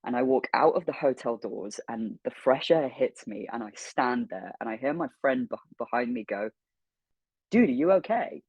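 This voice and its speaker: A man, a guest voice actor, telling a lively personal anecdote on an interview stream, swearing freely and acting out the dialogue. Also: medium pitch, normal speed, hardly any pauses, slightly rough, no room sound, poor audio. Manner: animated, swears freely, acts out quoted dialogue. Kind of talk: storytelling anecdote.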